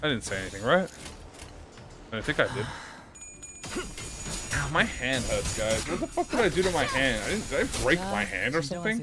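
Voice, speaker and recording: A young man chats on a live stream as he plays a game, his voice jumping all over the place as he swears and stumbles through restarts. He keeps insisting to chat that he's not upset. Game music plays clearly behind him. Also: medium pitch, normal speed, pauses often. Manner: excitable, swears a lot, jumps to deny being upset; rambling, stammering restarts. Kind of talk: casual live-stream chat while gaming. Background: game music playing.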